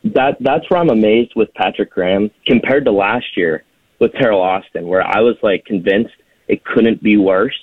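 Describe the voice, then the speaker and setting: A man with a lowish, husky voice calls in over a dry, tinny phone line. He sounds exasperated yet amused as he picks apart his team's defense. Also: moderate pace, dry recording. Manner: bemused, exasperated fan commentary. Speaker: caller.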